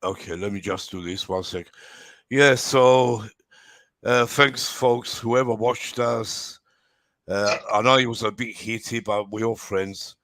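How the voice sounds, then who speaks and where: Man hosting a live fan show, low voice, dry sound, halting talk full of fillers. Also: fairly bright tone, dry recording. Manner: halting, many fillers and restarts. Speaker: host of fan channel livestream. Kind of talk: casual heated fan debate.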